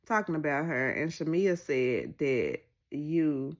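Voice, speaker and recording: Casual woman recapper, gravelly and husky, slow and animated. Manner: animated, acts out quoted lines with pitch jumps. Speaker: reality TV recap vlogger.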